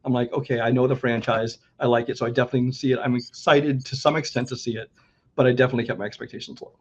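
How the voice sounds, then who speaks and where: A man co-hosting a casual movie review podcast, talking in a measured, hedging way. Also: medium pitch, fairly even intonation, breathy edge. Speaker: podcast co-host. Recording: dull lo-fi sound.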